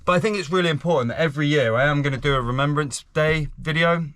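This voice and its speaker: A man's voice: on the high side, quick pace, a bit bright, no echo, studio quality. A man talking casually and earnestly to camera as a vlogger, often repeating himself for emphasis. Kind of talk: casual vlog chat.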